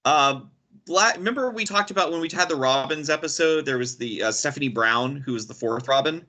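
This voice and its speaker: A man hosting a casual podcast, explaining comic book characters with quick, stammering restarts. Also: a little high, pushed and bright. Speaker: podcast host. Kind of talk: casual chat.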